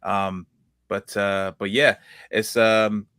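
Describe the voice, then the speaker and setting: A man's voice: lowish voice, level tone, takes it slowly, bright, forceful tone, clear, resonant tone, no room sound, studio quality. A man co-hosting a casual wrestling podcast, rambling with lots of fillers and restarts and greeting viewers in the comments. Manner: reads viewer comments aloud. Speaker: podcast co-host.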